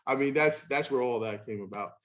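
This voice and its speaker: A man's voice: brisk, a crowd in the background. A man in his fifties, a podcast host, telling stories in casual chat and acting out the voices of people he quotes. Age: 50s. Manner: animated, acts out quoted voices with big pitch jumps.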